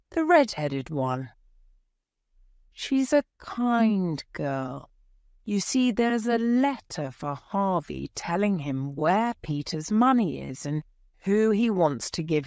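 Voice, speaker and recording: A woman's voice: lowish voice, a little mellow, no echo, studio quality. A woman doing an earnest young man. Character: earnest young man telling family news.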